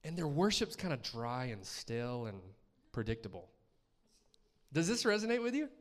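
A man's voice: mid-range voice, very animated, normal speed. A man preaching a sermon as a guest speaker in a church, talking conversationally and asking the congregation questions.

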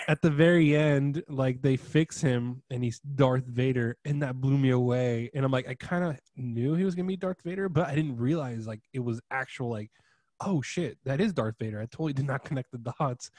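A young man in casual chat, an animated storyteller who gets loud when acting out his own reactions. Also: medium pitch, moderate pace, no echo.

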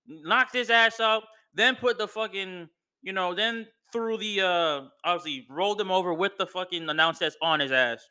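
Bright-voiced man recapping wrestling. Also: high-pitched, moderate pace, clean tone. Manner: profane, slangy, excitable. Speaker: podcast host.

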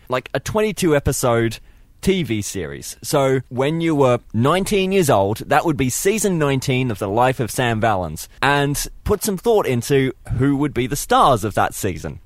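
A man's voice: medium pitch, no echo. A man co-hosting a podcast, chatting casually with a laughing, self-deprecating manner. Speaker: podcast co-host. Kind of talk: casual banter.

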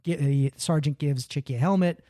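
A man in casual chat, retelling a film scene and acting out its lines with lively energy. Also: on the high side, a little fast, no echo, clean studio sound. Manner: animated storytelling, acts out quoted lines.

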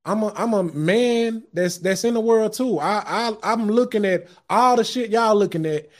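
A man's voice: high-pitched, normal speed. A man hosting his own show, giving an impassioned motivational sermon in casual street slang, speaking straight to his listeners and often repeating words as he starts a thought. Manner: addresses listeners directly as guys and family. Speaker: podcast host. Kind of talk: motivational sermon-style talk.

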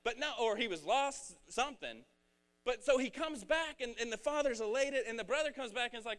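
A man's voice: very high-pitched, expressive, fairly quick, a bit bright. A young man giving a casual sermon, joking and slangy as he explains a Bible story. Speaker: preacher.

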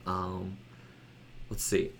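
A man hosting a casual podcast chat, rambling and laughing often, his voice a bit rough from a loud night out. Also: sits low, monotone, extremely slow. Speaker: podcast host.

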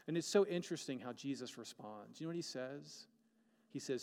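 A man's voice: medium pitch, lively intonation, fairly quick, gravelly, darkish tone. Guy preaching a sermon, earnest, lots of rhetorical questions, long hall reverb. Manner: earnest, rhetorical questions, varied dramatic pacing. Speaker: pastor.

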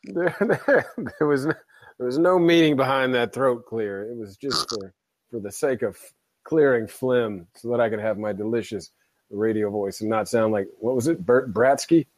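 A man's voice: mid-range voice, normal speed, no room sound. A man co-hosting a casual podcast chat, with dry jokes. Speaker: podcast co-host.

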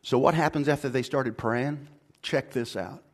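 Preaching as a pastor, this man starts in soft, low contemplation and builds to loud, high exhortation. His pace is normal and his voice slightly rough, and he mixes in casual slang while repeatedly starting over.

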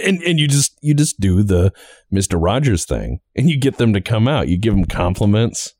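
Low voiced guy hosting a podcast, swings his pitch a lot, mellow tone, dry sound. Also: moderate pace, dry recording. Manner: animated, acts out little quoted bits. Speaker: podcast host. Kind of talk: casual chat.

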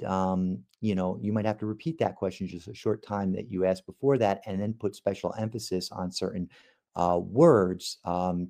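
A man's voice: deep voice, dark tone. A man, a trial lawyer, giving a podcast lecture on cross-examination in a conversational way, with frequent ums and uhs.

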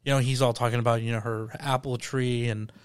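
A man chatting casually as a podcast host, animated and quick to circle back on his words. His voice sits at an ordinary middle pitch and sounds close and dry, with no room around it. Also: smooth, no echo. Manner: animated, repeats words when thinking. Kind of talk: casual chat.

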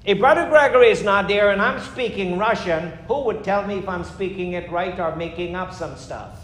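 A man preaching a fervent sermon as pastor, emphatic, with sudden rises and slowed, stressed lines. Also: high-pitched, a bit bright, slight background noise. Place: church. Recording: echoey church room.

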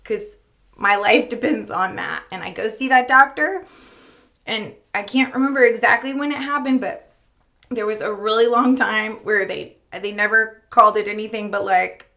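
This vlogger, a middle-aged woman, has a medium-pitched, pushed and bright voice at a moderate pace. Speaking candidly about her life, she wanders off track, laughs a lot, and occasionally turns tearful.

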